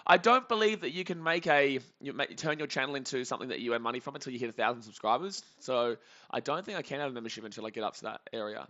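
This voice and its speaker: A young man calls baseball plays live and reads out chat messages, swinging quickly into excited outbursts. His voice is bright and forceful. The stream audio is dull and lo-fi. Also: mid-range voice. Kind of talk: live play-by-play reaction stream.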